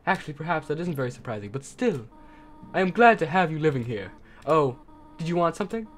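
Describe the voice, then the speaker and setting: A man voicing a gentle, motherly female goat monster, reading her game lines softly in a put-on accent. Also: on the high side, big pitch swings, fast, voice pushed up. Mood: warm. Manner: soft, kindly, doting, speaks in an accent. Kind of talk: reading game dialogue aloud.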